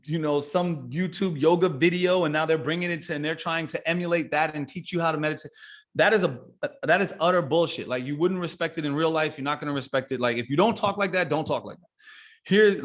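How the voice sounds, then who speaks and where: A man talking casually as a podcast guest, blunt and swearing freely, rambling with restarts and building into lively everyday examples. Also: a little high. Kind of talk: casual conversation.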